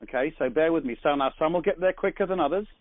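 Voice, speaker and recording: A man's voice: a little high, fast, no echo. An Englishman hosting a coaching conference call, talking in an upbeat, chatty way with lots of fillers and asides. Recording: phone line.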